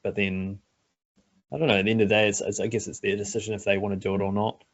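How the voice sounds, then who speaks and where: Guest, young Kiwi man, low husky voice, easygoing chat, dull call audio. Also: quick pace. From New Zealand. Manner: relaxed, laughs easily, swears casually. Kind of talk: casual chat.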